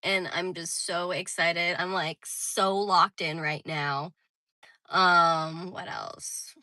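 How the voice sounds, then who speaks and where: A young woman with a squeaky voice chatting casually on a phone livestream, saying "like" often. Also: fairly even intonation, slow, pushed and bright, no echo, poor audio. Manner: chatty, heavy use of "like", reads viewer comments.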